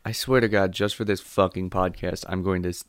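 A man's voice: low voice, steady tone, a little fast, clear, resonant tone, no room sound, clean studio sound. A young man co-hosting a comedy podcast, casual and self-mocking, laughing and swearing as he talks. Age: young adult. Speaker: podcast co-host.

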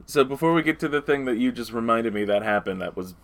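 A man's voice: mid-range voice, lively intonation, fast, fairly bright tone. A man hosting a casual podcast chat, joking and laughing often as he talks with his friends. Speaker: podcast host.

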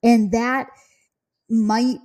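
A woman who works as a real estate agent, telling a story on a podcast in a chatty, animated way and giggling often. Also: a little high, drawn-out words.

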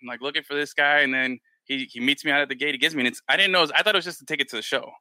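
Bright, lively-storytelling man. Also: fairly high pitch, racing, dry recording. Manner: animated storyteller, swears freely, acts out quoted voices. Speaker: podcast host. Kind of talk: casual chat.

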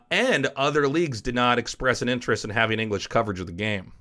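An American man who hosts a podcast and casts esports tells a personal story frankly and ramblingly, swearing casually. His voice sits at medium pitch with a fairly bright tone.

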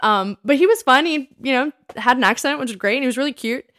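A woman telling funny stories about old dates in a casual chat, laughing often and acting out what she said back then in a higher voice. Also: quick pace. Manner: animated, laughing, quotes herself in a higher voice. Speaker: podcast co-host.

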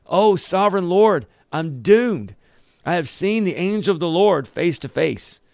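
A man's voice: medium pitch, very animated, moderate pace, creaky, no room sound, studio quality, voice pushed up. A man reading aloud as a doubting, frightened farmer. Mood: panicked. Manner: pleading, incredulous.

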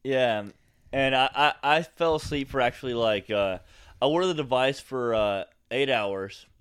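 Bright, clear-voiced man chatting loosely. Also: mid-range voice, unhurried. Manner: rambling with many "like" fillers. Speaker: podcast co-host. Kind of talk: casual chat.

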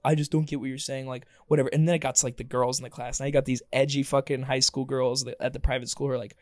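A young man hosting a casual podcast chat, an animated storyteller who swears freely and acts out what others said. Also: mid-range voice, fast, no echo, studio quality. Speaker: podcast host.

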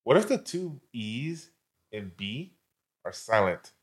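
A man's voice: medium pitch, sing-song, slow. A man co-hosting a casual podcast, jumping in with tangents and jokes. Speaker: podcast co-host. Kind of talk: casual chat.

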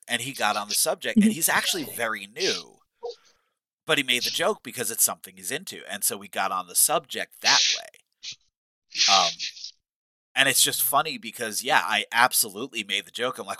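A man's voice: fairly low pitch, lively intonation, brisk, bright, forceful tone, no echo, low-quality recording. A man on a podcast telling stories casually, rambling and laughing often. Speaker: podcast co-host.

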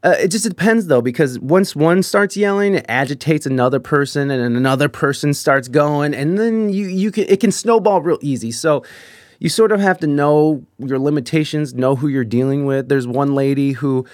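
A man's voice: a little high, normal speed, a little mellow, no room sound, clean studio sound. A man telling casual, rambling stories from his job, swearing often and laughing as he goes. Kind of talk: casual storytelling.

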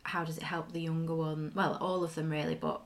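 A woman's voice: sits low, flat delivery, fairly quick. A young woman hosting a parenting podcast, asking questions in a loose, encouraging way. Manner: encouraging, frequent backchannel agreement. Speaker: podcast host. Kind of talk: casual podcast interview.

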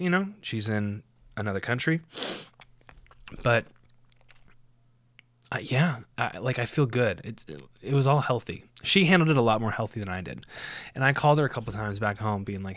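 A man talks alone on his podcast, rambling and joking with plenty of swearing. His voice sits at an average pitch. The sound is dry and close. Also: a bit bright, no echo. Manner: profane, rambling, jokey. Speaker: podcast host. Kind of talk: casual solo monologue.

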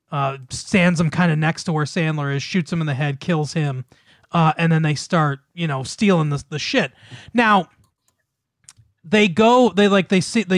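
Recorded in studio quality with no room sound, this man has a fairly high-pitched voice. As a podcast co-host, he recaps a film in casual chat, rambling and cursing, with frequent laughs and plenty of filler words.

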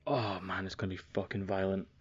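An excitable, sweary man recapping wrestling on a podcast. His voice is low. The recording is dull and lo-fi. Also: fairly quick, slightly rough, no room sound. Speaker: podcast co-host.

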